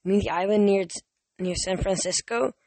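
A man's voice: sits high, fairly even intonation, normal speed, a little mellow, no echo. A man voicing a curious teenage boy hero in a storybook reading, close to his own voice and asking questions. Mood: wary.

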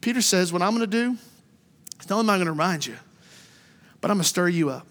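High-voiced preacher in an echoing hall. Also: male voice, quick pace. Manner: animated storytelling, repeats phrases. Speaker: pastor. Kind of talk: sermon. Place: church sanctuary. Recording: long reverb of a church hall.

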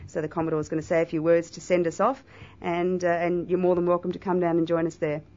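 A woman's voice: fairly low pitch, little pitch movement, fast talker, mellow. An Australian woman sailor chatting casually in a radio interview, with plenty of fillers. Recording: dull lo-fi radio broadcast.

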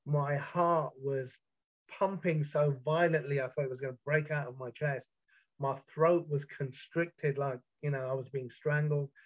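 A British man telling a first-person account of a past ordeal, intense and halting, with frequent restarts. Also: on the high side, fairly even intonation. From Britain. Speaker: storyteller. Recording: muffled lo-fi recording.

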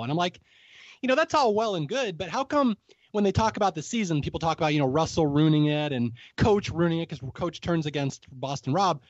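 Male podcast host, high and animated, casual recap chat, dry and slightly dull recording. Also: a little fast, no echo. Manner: animated, acts out quotes, swears and laughs. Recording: dull lo-fi audio.

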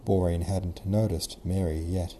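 Low, mellow-voiced male narrator. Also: fairly even intonation, unhurried, slight background noise. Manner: casual modern retelling, occasional self-corrections. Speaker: podcast host and audiobook reader. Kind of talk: scripted narration.

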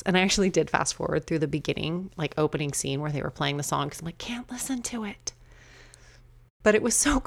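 A middle-aged woman hosting her own podcast, talking casually and chattily with quick asides and laughs at herself. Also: on the low side, no room sound. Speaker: podcast host. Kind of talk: casual solo podcast talk.

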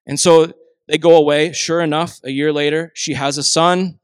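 A man preaching in a relaxed, storytelling manner, slipping into quoted voices as he goes. His voice sits a little high for a man. The sound is close and dry, with no room around it. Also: normal speed, clean tone, no room sound. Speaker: pastor. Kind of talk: sermon.

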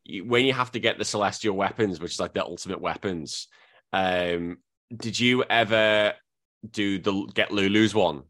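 A man hosting a casual podcast chat, talking animatedly and breaking into high-pitched impressions. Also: moderate pace, fairly bright tone, no room sound, clean studio sound. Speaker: podcast host.

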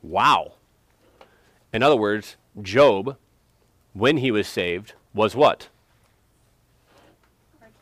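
A man's voice: fairly low pitch, animated, a little slow, long pauses, dry recording. A man teaching an interactive Bible lesson, emphatic and quizzing students for answers.

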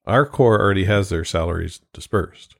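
A man's voice: low-pitched, normal speed, vocal fry, no room sound, studio quality. A man co-hosting a casual sports podcast, joking around and explaining the news at length. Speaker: podcast co-host.

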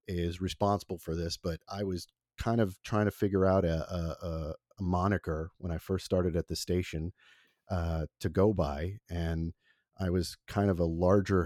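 Forties man, first language Italian; very low, mellow voice; rambling, self-deprecating storyteller. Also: dry recording, clean studio sound. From Italy. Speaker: former college radio producer. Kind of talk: relaxed interview conversation.

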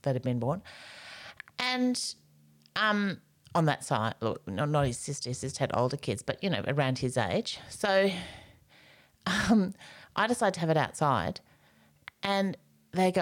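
Low-voiced middle-aged woman, lively. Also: normal speed, long pauses. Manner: rambling anecdotal storyteller, acts out voices. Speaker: podcast co-host. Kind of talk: casual chat.

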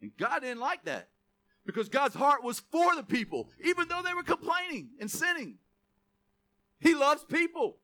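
A man preaching a sermon as pastor, animated and joking, reading scripture aloud and shouting some quoted lines. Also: very high-pitched, moderate pace. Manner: animated, jokey asides, reads scripture aloud.

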